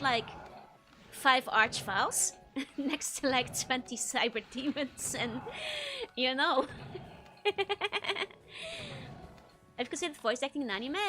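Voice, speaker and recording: A woman's voice: sits high, bright, forceful tone. A young woman with a Dutch accent, chatting casually while streaming a game and laughing often between sentences. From Netherlands. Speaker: VTuber streamer. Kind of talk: casual gameplay chat with chat readers.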